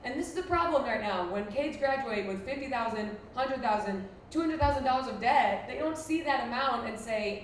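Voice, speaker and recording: A woman's voice: fairly high pitch, expressive, moderate pace, hardly any pauses. A woman in her thirties from Buffalo doing a brash, crude, self-mocking stand-up set in a former library before a live audience. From Buffalo, New York. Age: 30s. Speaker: stand-up comedian. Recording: echoey distant room mic with noise. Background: audience laughter.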